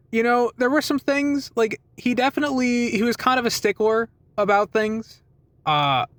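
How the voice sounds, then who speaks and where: A man's voice: high voice, fairly bright tone, no room sound. A young man vlogging casually from his car, rambling and swearing a lot, saying "dude" and "man" often.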